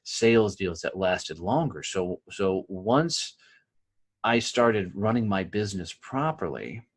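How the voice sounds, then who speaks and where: A husky, slightly low-pitched man, middle-aged and from the rural United States, tells stories as a podcast guest. He talks bluntly and with a bit of profanity, and he often tags his points with "right?". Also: lively intonation, takes it slowly. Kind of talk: casual storytelling.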